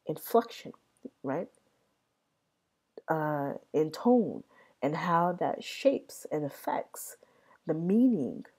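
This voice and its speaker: A woman's voice: deep voice, a little mellow, husky. A young adult woman explaining language in a casual vlog, rambling, repeating herself and often asking "right?". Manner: rambling, repeats words, many "right?" checks.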